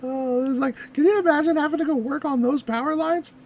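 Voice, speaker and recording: A young woman hosting a reaction video, chatting casually, laughing often, and rambling through animated anecdotes. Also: high-pitched, fairly quick.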